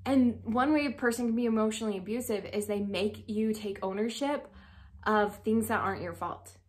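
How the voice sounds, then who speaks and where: A woman's voice: mid-range voice, moderate pace. A young adult woman giving relationship advice as a dating coach. She talks in a chatty, earnest way, full of casual filler words.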